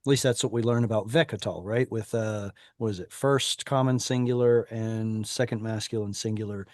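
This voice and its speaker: A man's voice: fairly low pitch, steady tone, moderate pace, no echo, studio quality. A man teaching an online class, explaining patiently over a video call with frequent fillers. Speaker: Hebrew teacher.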